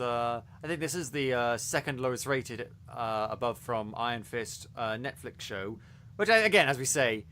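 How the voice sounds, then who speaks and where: A man's voice: medium pitch, fairly bright tone, slight background noise. A man co-hosting a casual review podcast, talking with enthusiasm and lots of fillers and restarts. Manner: enthusiastic, rambling with many fillers. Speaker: podcast co-host.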